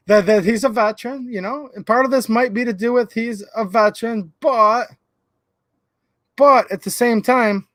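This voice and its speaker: A man's voice: high voice, fairly bright tone, no room sound. A man hosting a livestream, telling rambling stories and chatting with viewers. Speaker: channel host. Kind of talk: livestream commentary.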